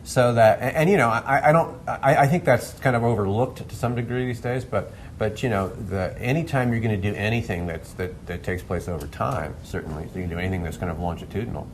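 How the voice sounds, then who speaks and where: A documentary filmmaker answering interview questions in a rambling way, with many restarts. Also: male voice, lowish voice, fairly quick, few pauses, slight background noise.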